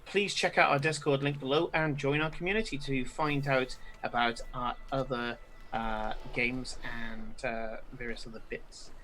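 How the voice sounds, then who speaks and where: A man signs off a live tabletop stream, his voice bright and clear against a faint hum of room noise. He talks in halting stretches full of fillers, often letting sentences fade out softly. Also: medium pitch, steady tone, rough recording. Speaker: game master and stream host. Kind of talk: casual end-of-stream announcements.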